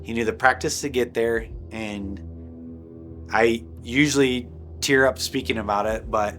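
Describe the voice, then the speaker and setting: A man telling an emotional personal testimony, rambling and intense, full of restarts and "like", sometimes sinking to a hushed low voice. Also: steady tone, measured pace, faint music behind. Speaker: guest sharing a personal testimony.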